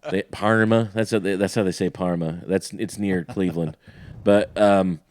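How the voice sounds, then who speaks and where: Low-voiced Midwestern podcast host. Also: male voice, fairly even intonation, moderate pace, mellow, no echo, studio quality. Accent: Midwestern American. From Ohio. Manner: rambling, self-interrupting. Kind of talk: casual chat.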